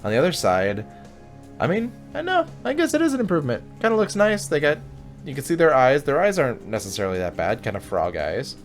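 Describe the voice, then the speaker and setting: A man's voice: a little high, wildly swooping pitch, fairly quick, faint music behind. A man hosting a gaming video, chatting and joking as he plays and reads game text aloud. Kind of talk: let's play commentary.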